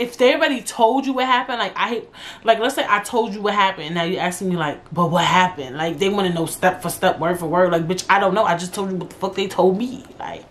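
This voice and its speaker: Blunt, profane woman podcast host. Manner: blunt, profane, animated with big pitch jumps. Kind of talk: casual solo podcast talk.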